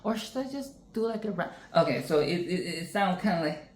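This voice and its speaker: A woman's voice: fairly low pitch, expressive, a little fast, a little mellow. A woman hosting a casual singing lesson, chatty and self-interrupting, who often breaks into sung and exaggerated vocal demonstrations. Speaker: singing tutorial host. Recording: echoey room.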